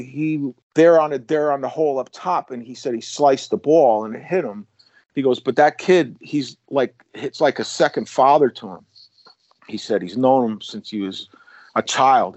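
A man's voice: medium pitch, no room sound. A man, a former police officer, casually telling a long story with many restarts and acted-out quotes. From United States.

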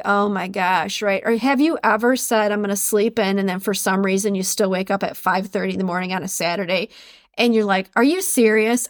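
A woman hosting a solo podcast, reading quotes aloud and chatting casually, laughing at her own slips in an animated way. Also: mid-range voice, no echo, clean studio sound. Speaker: podcast host.

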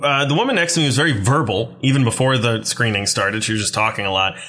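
Male co-host, casual rambling chat, wry, bright tone. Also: mid-range voice, fast talker. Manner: rambling, wry, self-deprecating. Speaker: podcast co-host.

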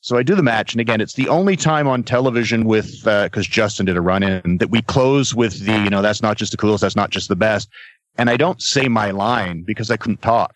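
A middle-aged man, a guest on a podcast, telling stories from his career in a casual, animated way. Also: on the low side, a little fast, dry recording, rough recording. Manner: animated storyteller, acts out quotes. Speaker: podcast guest, former wrestler. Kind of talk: casual storytelling. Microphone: podcast mic.

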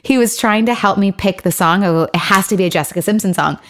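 A woman's voice: mid-range voice, quick pace, fairly bright tone. A woman hosting a podcast in casual chat, rambling through stories with many restarts. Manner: rambling storyteller, many restarts and quoted asides. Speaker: podcast host.

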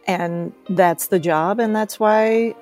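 A woman telling a candid, animated story about her daughter, with self-deprecating humor. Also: medium pitch, takes it slowly, faint music behind.

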